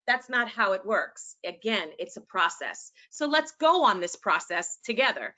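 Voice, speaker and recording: A woman with a New York accent, presenting passionately to teachers and sometimes talking fast. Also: medium pitch, very animated, sharp tone. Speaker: educator and presenter.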